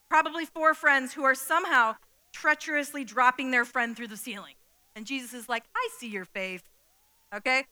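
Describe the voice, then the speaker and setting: Bright high-voiced woman preaching. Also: low-quality recording. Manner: conversational, checks in with "okay?". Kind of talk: sermon teaching. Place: church hall with a screen.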